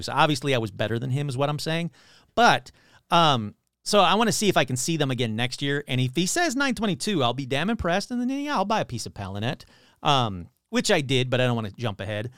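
A man's voice: mid-range voice, very animated, fast, a bit bright, smooth, no room sound, clean studio sound. A man telling a comic story in a casual, rambling way, full of "like" and self-corrections.

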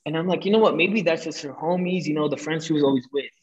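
A young man, a podcast guest, telling a breakup story in casual chat, animated and full of swearing, acting out what people said. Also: fairly high pitch, fast talker, muffled recording. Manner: animated, profane, acts out quoted lines.

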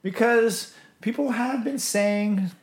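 A man's voice: high voice, slow. A man from Venezuela co-hosting a casual podcast, joking crudely and reading sponsor plugs. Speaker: podcast co-host. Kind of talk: casual chat.

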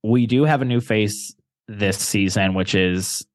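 Low-voiced man rambling in dry sound. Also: unhurried, no room sound. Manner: chatty, rambling, heavy use of "like". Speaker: podcast co-host. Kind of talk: casual chat.

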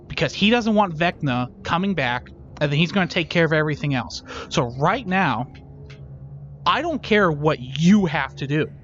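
A man's voice: on the high side, fairly bright tone, dull audio, slight background noise. A man playing a tabletop game in character, emphatic and swearing. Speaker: player. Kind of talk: in-character tabletop role-play.

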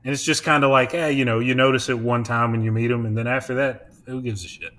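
A man's voice: medium pitch, steady tone, fast talker, fairly bright tone. Young man, podcast host, casual rambling chat, frequent laughs, swears a lot.

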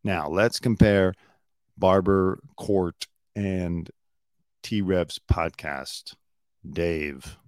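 A man's voice: deep voice, steady tone, drawn-out words, a little mellow, no room sound, studio quality. A man hosting a podcast, chatting casually about a crime case and rambling with frequent restarts. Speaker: podcast host. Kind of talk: casual true-crime commentary.

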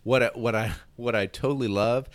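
A man in a casual Bible discussion, animated and quick to laugh, often acting out little quotes. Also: mid-range voice, dry recording.

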